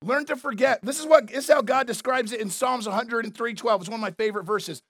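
A man's voice: very high-pitched, fast talker, a bit bright, no echo, studio quality. A man preaching a sermon as a pastor, emphatic and conversational, repeating his key phrases. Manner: emphatic, repetitive, conversational preaching with asides to the crowd.

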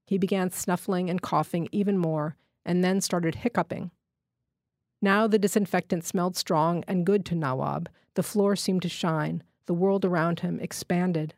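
Low, dry woman reading a story. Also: fairly even intonation, moderate pace, a little mellow, no room sound. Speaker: guest reader. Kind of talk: literary reading.

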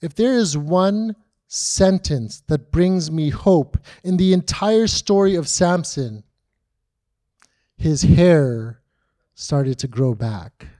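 A man preaching a sermon, retelling the story dramatically and dropping to a hush on key lines. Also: a little high, expressive, slow.

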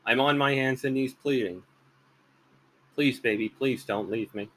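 A man's voice: mid-range voice, unhurried, a bit bright, pitched above the performer's own voice, poor audio. A man voicing a whiny, heartbroken male dictator pleading for a lover's return.

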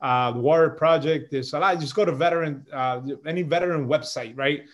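Middle-aged dude guesting on a podcast, loose and slangy, kinda high voice, says bro a lot. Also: male voice, brisk, dull audio. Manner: animated, loose, lots of "bro" and "man". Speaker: podcast guest, chef and author. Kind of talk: casual storytelling chat.

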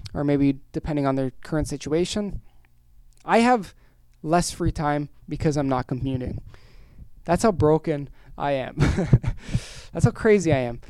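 A man from Canada hosting a casual solo podcast, energetic and rambling with jokes, his voice worn hoarse. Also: a little high, moderate pace, dry recording, clean studio sound. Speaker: podcast host.

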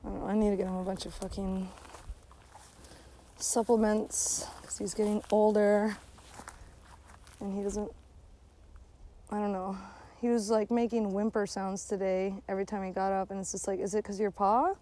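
A woman's voice: mid-range voice, little pitch movement, moderate pace, long pauses, warm tone, slight background noise, poor audio. A woman delivering a blunt, sarcastic, profanity-heavy casual rant while out on a hike by a lake. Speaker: vlogger. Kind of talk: casual ranting monologue.

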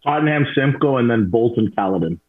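Husky blunt guy talking as a guest, sounds like a phone line. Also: medium pitch, expressive, fairly quick. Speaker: guest, martial arts academy owner. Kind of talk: casual interview talk.

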